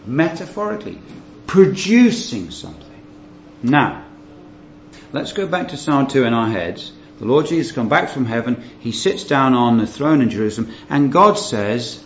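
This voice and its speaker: A man preaching a sermon, teaching verse by verse in an earnest manner and asking his listeners rhetorical questions. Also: fairly high pitch. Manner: earnest Bible teaching with rhetorical questions, rising emphasis on key phrases. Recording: muffled roomy recording.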